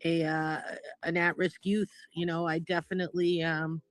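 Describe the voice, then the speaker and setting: A man hosting a talk show, speaking haltingly and searching for words. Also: on the high side, flat delivery, fairly bright tone. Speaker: host. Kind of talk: casual interview chat.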